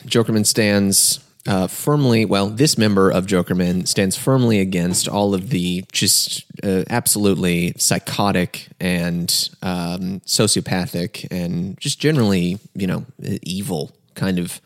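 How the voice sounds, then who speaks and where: A man's voice: deep voice, fairly even intonation, measured pace, hardly any pauses. A man co-hosting a podcast in casual chat, laid-back with many fillers and crude jabs. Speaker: podcast co-host.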